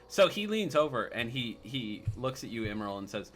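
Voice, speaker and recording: A man narrating as game master in a tabletop game, talking in a halting way with many fillers. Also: mid-range voice, sing-song, fairly bright tone, slight background noise.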